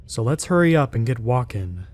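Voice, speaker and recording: A man's voice: medium pitch, very animated, moderate pace, darkish tone, close to an everyday voice. A man reading as a teasing young friend. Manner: teasing, upbeat. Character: joking young friend on a snowy night.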